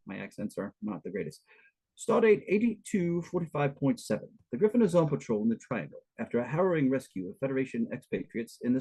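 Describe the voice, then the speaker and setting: A man's voice: medium pitch, dark tone, low-quality recording. A man narrating as game master for a tabletop game, chatty and loose, full of fillers and asides.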